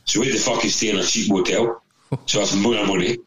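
A man's voice: lowish voice, steady tone, fast, crowd noise, rough recording. A man telling a rambling, sweary anecdote in casual chat, with laughs along the way. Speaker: storyteller.

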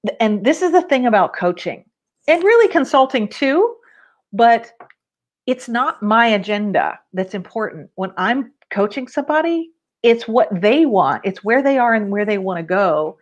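A woman's voice: fairly high pitch, big pitch swings, moderate pace, dull audio. A woman guest on a podcast, a professional organizer and coach, speaking in an upbeat, candid, motivational way. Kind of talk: casual interview.

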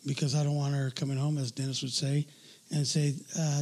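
A man in casual chat, telling a story in a crude, joking way with a husky voice. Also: mid-range voice, little pitch movement, brisk, a little mellow.

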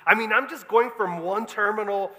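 A man in his thirties preaches from the pulpit with a high, bright, ringing voice. He tells the story in an animated, exasperated way and often laughs. His voice carries a long reverb from a large church hall. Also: moderate pace. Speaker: pastor. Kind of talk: storytelling sermon.

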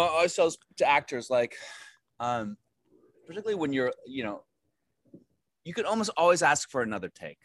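A man's voice: medium pitch, fairly bright tone. A man, an actor, telling rambling self-deprecating stories in a casual interview, with many fillers and restarts. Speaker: actor guest.

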